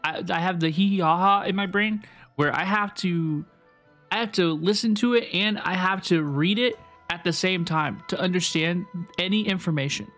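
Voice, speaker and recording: A man's voice: high-pitched, moderate pace, a bit bright, faint music behind. A young man streaming a game, talking casually to his chat in a rambling, repetitive way. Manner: rambling, chatty, repeats himself. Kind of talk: casual live game commentary.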